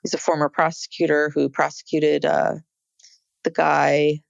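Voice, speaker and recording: A woman's voice: low voice, level tone, a little slow, vocal fry, no room sound, muffled recording. A woman co-hosting a podcast, talking casually about a court case, with many fillers and restarts. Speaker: podcast co-host.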